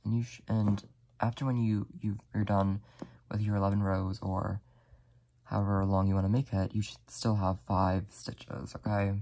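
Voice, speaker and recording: This crafting tutorial host speaks softly in a low voice with little pitch movement, at a moderate pace. The instructions come step by step and casually as the work goes on, with frequent apologies and plenty of "like" fillers.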